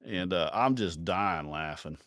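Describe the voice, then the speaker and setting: A man's voice: sits low, a little slow, a bit bright, no echo, clean studio sound. A man telling rowdy, profane bar stories in a live stream, often laughing as he talks. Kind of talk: casual storytelling.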